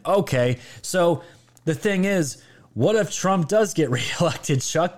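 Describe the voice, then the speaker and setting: A man's voice: a little high, a little mellow. Mocking male political commentator. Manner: mocking, incredulous, emphatic. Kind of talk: reacting to clips, direct address to viewers.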